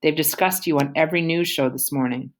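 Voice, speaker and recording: A woman's voice: deep voice, fairly even intonation, brisk, lightly acted. A woman voicing an affectionate, scolding middle-aged mother in an audiobook reading.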